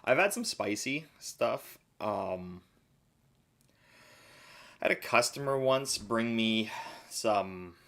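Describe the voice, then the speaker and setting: A man's voice: lowish voice, animated, slow, pauses often, fairly bright tone. A chef talking casually on a live stream, telling rambling stories and acting out the people he quotes. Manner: rambling storyteller, acts out quoted voices.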